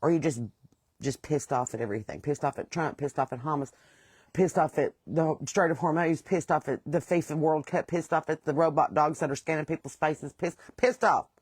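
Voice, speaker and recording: A woman's voice: sits low, a little fast, darkish tone, husky, no room sound. A middle-aged woman with a West Virginian accent, hosting a casual monologue and talking in a blunt, plain-spoken, aggravated way. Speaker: host.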